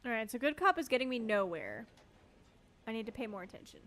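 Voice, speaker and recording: High-voiced woman chatting through a game stream. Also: sing-song, fast, a bit bright. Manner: chatty, talking to chat. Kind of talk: live gameplay commentary. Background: game music.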